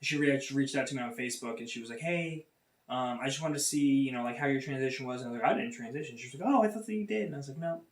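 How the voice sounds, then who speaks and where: A man chatting casually as a podcast host, winding through a personal story with lots of "like" and false starts. His voice sits at an ordinary middle pitch. The sound is roomy, as if he sits a bit back from the mic. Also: steady tone, fast talker, recorded from a distance. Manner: rambling with many fillers and restarts.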